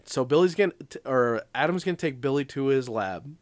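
A man's voice: medium pitch, expressive, dry recording. A man co-hosting a casual podcast chat, laid-back, quoting lines from an episode as he recaps it. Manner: laid-back, quick asides and quoted lines. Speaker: podcast co-host.

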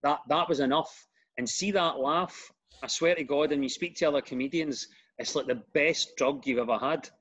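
A middle-aged man with a Glaswegian accent, telling stories in a casual chat as a comedian guest, self-deprecating and quick to laugh. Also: a little high, fairly bright tone. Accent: Scottish, Glaswegian.

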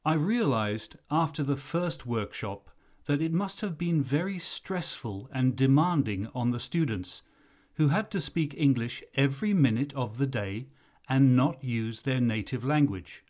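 A man teaching an English lesson, explaining things slowly and carefully. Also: medium pitch, expressive, a little mellow. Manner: slow, careful explanatory delivery. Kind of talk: recorded lesson narration.

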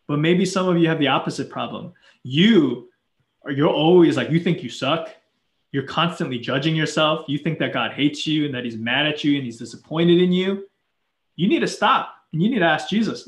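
A man's voice: a little high, lively intonation, moderate pace, roomy sound. A man preaching a sermon in a casual, conversational way, full of fillers and restarts.

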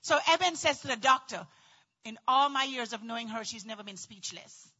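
A woman in middle age telling a personal story in a dramatic, animated way, acting out voices and often shouting. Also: fairly high pitch, brisk, highs cut off, slight background noise. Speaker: storyteller recounting childbirth.

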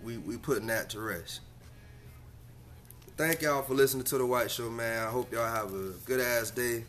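A man's voice: medium pitch, moderate pace, a bit bright. A man hosting his own podcast in a casual solo monologue, talking in a laid-back, slang-heavy way and pressing his advice with emphasis. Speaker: podcast host.

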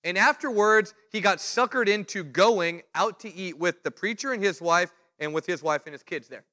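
A man's voice: high-pitched, moderate pace. A male preacher giving a sermon, telling stories and acting out the people in them. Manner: animated storytelling, acts out quoted voices.

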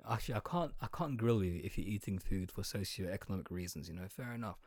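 A man's voice: low voice, fast talker, no echo. Brief: a man from outside Britain, a profane comedic ranter with a dry, close sound. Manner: exaggerated, swearing, talks straight to the listener. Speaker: comedic commentator.

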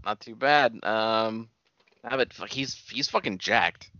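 A man's voice: fairly low pitch, slow, bright, forceful tone, no room sound. A man co-hosting a casual wrestling podcast, swearing often and calling his friend buddy. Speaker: podcast co-host. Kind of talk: casual wrestling recap chat. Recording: dull lo-fi sound.

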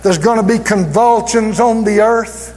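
Fervent high-voiced preacher in a church hall. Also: male voice. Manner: fervent, rising to shouts, drawn-out emphatic words. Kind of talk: sermon. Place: church sanctuary. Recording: reverberant church hall with music.

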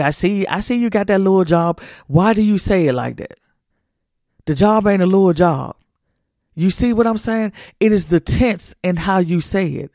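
A man's voice: sits high, warm tone, no echo, studio quality. A man hosting a faith talk, exhorting listeners with repeated, sermon-like phrasing. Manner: exhorting, repetitive, folksy Southern-church phrasing. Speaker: podcast host. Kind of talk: preachy motivational talk.

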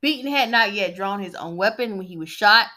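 A woman's voice: medium pitch, lively intonation, fairly quick, pushed and bright. A woman hosting a podcast in a casual, sassy style, chatting and mocking as she reads an article aloud. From United States. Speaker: podcast host.

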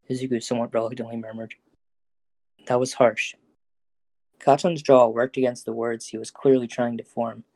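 A man reading the narration of a fan audio drama in a steady storytelling voice. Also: medium pitch, vocal fry, no echo.

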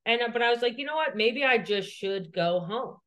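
A woman's voice: on the high side, animated, brisk, fairly bright tone. A woman co-hosting a podcast, telling a personal story in a rambling, profane way, full of "like". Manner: profane, rambling, heavy use of "like". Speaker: podcast co-host.

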